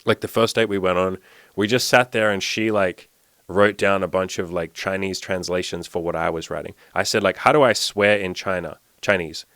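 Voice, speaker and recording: Young coach guy, lowish voice, rambles with tons of "like", dry sound. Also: fairly even intonation, moderate pace, fairly bright tone, no echo. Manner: rambling, heavy use of "like" fillers. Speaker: dating and self-improvement coach. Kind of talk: casual storytelling monologue.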